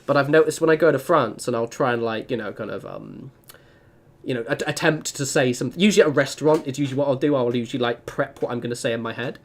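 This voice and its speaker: A man's voice: medium pitch, quick pace. Young man, gaming streamer, casual chat, rambling, filler-heavy. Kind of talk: casual chat while playing.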